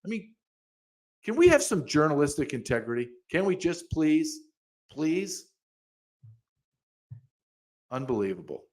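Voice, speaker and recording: A man's voice: on the high side, very animated, measured pace, long pauses. A man hosting a podcast, ranting angrily in heated commentary, with frequent restarts and repeated words. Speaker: podcast host.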